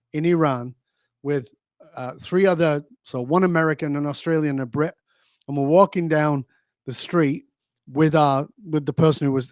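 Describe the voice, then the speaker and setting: A man's voice: on the high side, a little mellow, dry recording, clean studio sound. A man being interviewed as a leadership speaker, talking emphatically, telling stories and asking rhetorical questions. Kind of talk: conversational interview.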